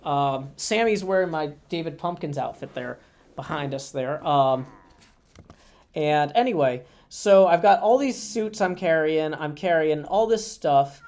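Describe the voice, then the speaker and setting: Mellow-voiced man rambling through a story. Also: fairly high pitch, lively intonation, measured pace. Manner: rambling, chatty anecdotes with many fillers. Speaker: livestream host. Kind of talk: casual livestream storytelling. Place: indoors at a gaming convention. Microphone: streaming setup at a computer.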